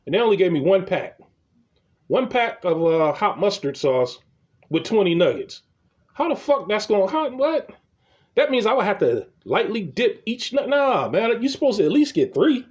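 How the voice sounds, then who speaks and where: His voice sits high and swings widely in pitch, slightly mellow, at a moderate pace over dull audio. As a comedy vlogger, he rambles through funny stories with plenty of swearing, repeating words as he gets going.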